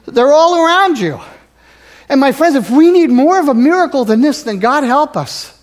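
A high-voiced male pastor preaching in a church sanctuary. He is emphatic, rising to loud exhortation and then dropping to hushed near-whispers. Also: expressive, normal speed. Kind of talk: sermon.

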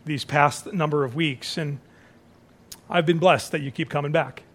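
A high-pitched male pastor delivers a communion sermon. He builds phrases through repetition, dropping to near-whispers and then rising to strong, raised lines. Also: steady tone, normal speed. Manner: dramatic swings from soft near-whisper to raised, shouted phrases; repeats phrases for emphasis.

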